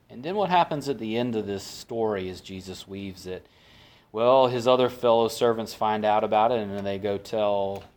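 A man with a somewhat low voice leads a conversational Bible study. He keeps putting questions to his listeners and then answers them himself. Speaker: Bible teacher.

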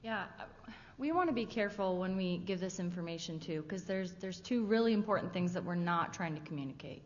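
A woman's voice: on the low side, expressive, fairly quick. A woman giving a casual, conversational missionary presentation to a church audience. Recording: dull sound with long hall reverb.

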